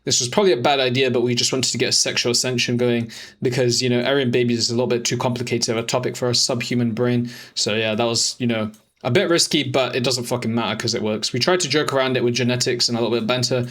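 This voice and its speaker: A young man coaching as a dating expert, talking over chat screenshots in a mocking, profane, rapid-fire way. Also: mid-range voice, steady tone, fairly bright tone.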